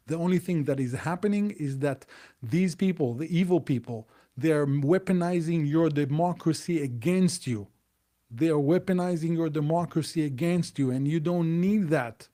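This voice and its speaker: A man's voice: on the high side, warm tone. A man hosting a live stream, talking bluntly and emphatically and hammering his points home. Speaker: host.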